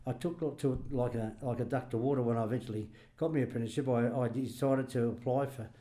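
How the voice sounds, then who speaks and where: A man's voice: mid-range voice, steady tone, fast, mellow. A man in his sixties with an Australian accent, a retired greenskeeper chatting and telling funny stories from his working life. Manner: chatty anecdotes, laughs while telling them. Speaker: podcast guest, retired greenskeeper. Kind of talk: casual storytelling chat.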